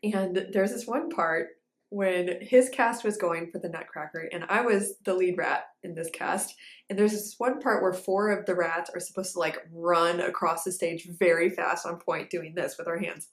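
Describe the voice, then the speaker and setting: A young woman recounts her dance training in a loose, animated storytelling style, tossing in plenty of fillers. Her pitch sits in the middle range. The sound carries noticeable echo from the room she recorded in. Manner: animated, chatty, lots of fillers. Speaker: ballet dancer and vlogger. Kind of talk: casual storytelling. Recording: echoey room.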